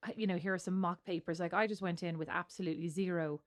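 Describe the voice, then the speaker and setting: An Irish woman co-hosting a podcast chats casually, rambling, interrupting herself and laughing easily. She talks fast in a lowish voice with a steady tone.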